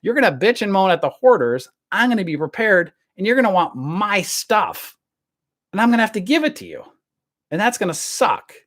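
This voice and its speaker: A man's voice: sits high, big pitch swings, moderate pace, fairly bright tone. A man hosting a stock trading channel, ranting to camera in a blunt, rambling way and swearing freely.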